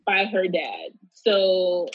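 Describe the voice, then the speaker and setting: A woman's voice: fairly low pitch, sing-song, drawn-out words, no room sound, highs cut off. A woman guest in a casual interview, telling a personal story in a loose, candid way with many fillers and restarts.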